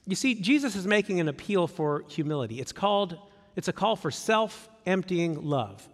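A man preaching a sermon as pastor, conversational and animated. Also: high voice, normal speed, in a large hall. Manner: conversational, animated, acts out quoted voices.

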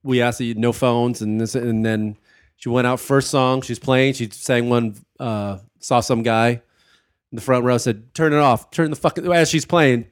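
A man's voice: medium pitch, fairly even intonation, measured pace, smooth. A man telling an easygoing story in casual podcast chat.

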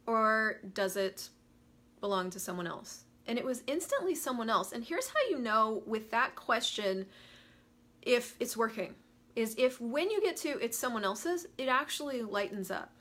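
A woman's voice: fairly high pitch, expressive, moderate pace, sharp tone. A woman hosting a live coaching stream, talking animatedly, laughing and greeting viewers as she goes. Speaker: host of a live money coaching show.

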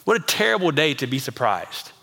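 A male pastor preaching a sermon, swinging between impassioned, emphatic peaks and a soft, close, confiding tone. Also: on the high side, big pitch swings, brisk, gravelly. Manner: drops to soft, intimate tone for Jesus' warnings.

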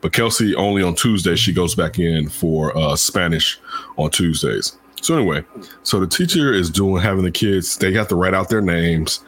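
A man who is a parent, telling stories in casual chat, acting out quotes in high voices and laughing often. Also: moderate pace, a bit bright, a little hiss or hum.

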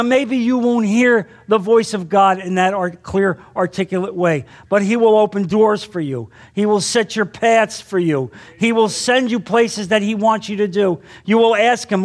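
A middle-aged man preaching a sermon to a men's group, earnest and repetitive, often checking in with his listeners. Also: high voice. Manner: earnest, repeats phrases, asks "you understand?". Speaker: Bible teacher.

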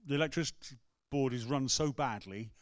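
Speaking at a fairly quick pace in a mid-range voice, a rector with an English accent delivers a conversational, story-driven sermon in church and acts out what people said. The sound is clean studio quality with no echo.

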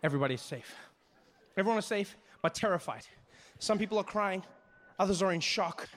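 A man's voice: high-pitched, expressive, a little fast, fairly bright tone, in a large hall. A man performing stand-up, telling a story animatedly and acting out the people in it. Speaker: stand-up comedian.

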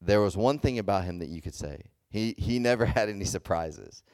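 Low-voiced man giving a chatty youth sermon. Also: expressive, brisk, darkish tone, no echo, clean studio sound. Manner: conversational, checks in often with "okay?" and "does that make sense?"; loose and chatty, with many fillers and restarts. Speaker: youth preacher. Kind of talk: casual sermon to a youth group.

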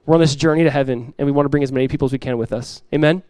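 A middle-aged man preaching a sermon as pastor to his church, earnest and direct, repeating key lines and acting out everyday voices with lively emphasis. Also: medium pitch, very fast, clean tone, no room sound, low-quality recording. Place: church sanctuary.

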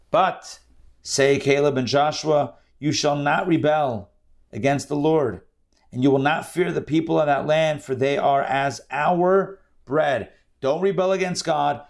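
A man teaching a scripture lesson in an emphatic, conversational storytelling manner. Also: mid-range voice. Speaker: Bible teacher.

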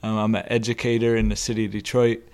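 Halting young man hosting a podcast. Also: fairly low pitch, little pitch movement, a little mellow. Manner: halting, full of ums and restarts. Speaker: podcast co-host. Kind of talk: casual podcast chat.

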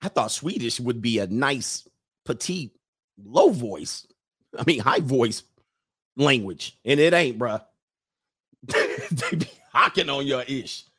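A man's voice: mid-range voice, animated, slow pace, pauses often, fairly bright tone, slightly rough, dry recording, clean studio sound. A man hosting a livestream who goes on a casual, joking rant, laughs often, talks in loose slang and reads out viewer comments. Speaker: livestream host addressed as Coach.

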